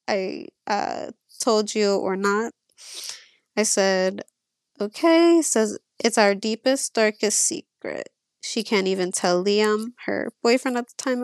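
A young woman telling her own story as an interview guest, reading text messages aloud in a casual, halting way with fillers. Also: medium pitch, vocal fry, no echo, clean studio sound. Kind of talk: personal storytelling.

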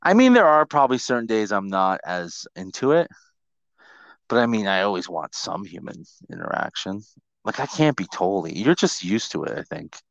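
A man co-hosting a podcast in casual chat, joking and teasing and often jumping into high mock voices. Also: very animated, normal speed, vocal fry, fairly bright tone, dry recording, dull audio. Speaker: podcast co-host.

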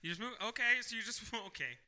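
A man's voice: very high-pitched, expressive, fast, pushed and bright. A man co-hosting a podcast, leading the questions in a casual chat and laughing often. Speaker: podcast co-host.

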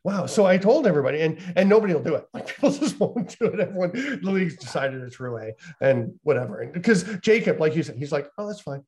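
A man, a lacrosse broadcaster co-hosting a casual chat, telling lively anecdotes and laughing along. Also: fairly high pitch, fast, few pauses. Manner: animated, laughs through his stories.

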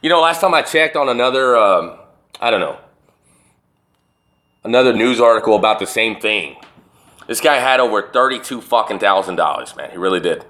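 A man's voice: fairly low pitch, expressive, normal speed, long pauses, bright, forceful tone. A man hosting a solo podcast, talking in a rambling, profane and emphatic way. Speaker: podcast host. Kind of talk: casual solo podcast rant.

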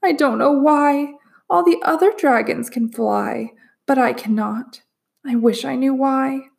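A gentle young dragon, slow and sorrowful, lingering over each word as a woman reads him aloud. His voice has a faint gravelly fry, sitting mid-pitch. He sounds timid and a little lost. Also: close to an everyday voice.

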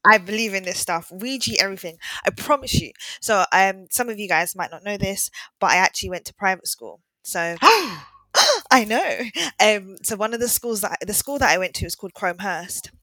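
British woman, bright voice, emphatic storytelling, dry close sound. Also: medium pitch, fairly quick, no echo. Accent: British English. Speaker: podcast co-host. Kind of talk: casual chat, storytelling.

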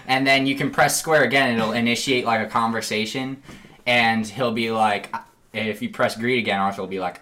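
A young man co-hosting a casual podcast chat, animated and laughing often as he acts out lines from a game. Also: medium pitch, a little fast, noisy background. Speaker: podcast co-host.

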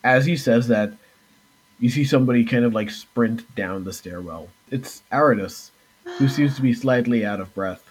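A man narrating as game master in a relaxed, loose way. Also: mid-range voice, normal speed, a little hiss or hum, rough recording.

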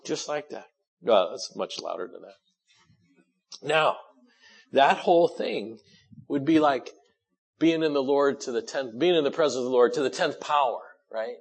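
Gravelly-voiced man preaching a sermon. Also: medium pitch, measured pace, pauses often. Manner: animated preaching with rising bursts of emphasis. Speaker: pastor.

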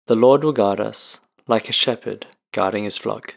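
A male lector reads scripture in a solemn, formal way. His voice sits low with a gravelly texture. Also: normal speed. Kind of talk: liturgical reading.

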